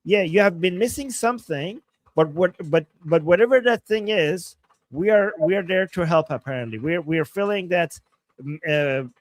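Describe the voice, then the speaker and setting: An Iranian man co-hosts a live stream, reading out viewer messages in a relaxed, chatty manner and laughing readily. His voice is high-pitched and his pace moderate.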